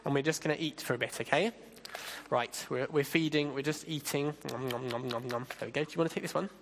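A man leading an interactive Bible talk, playful and directing volunteers with quick asides. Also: a little high, in a large hall, a little hiss or hum. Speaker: church leader giving a talk.

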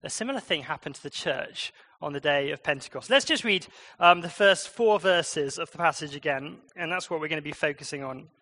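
Male preacher, bright and somewhat high voice, conversational sermon with lively shifts in loudness. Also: a little fast, few pauses. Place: church.

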